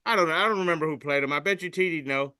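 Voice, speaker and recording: A man's voice: a little high, very fast, sharp tone, smooth, no echo. A man co-hosting a podcast, reading memes aloud in casual chat, swearing freely and voicing the quotes. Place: studio.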